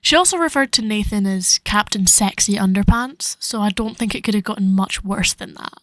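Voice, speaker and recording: A woman's voice: mid-range voice, a little fast, a bit bright, a little hiss or hum, rough recording. A teenage girl co-hosting a casual chat, laughing as she tells stories in an easygoing way. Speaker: co-host.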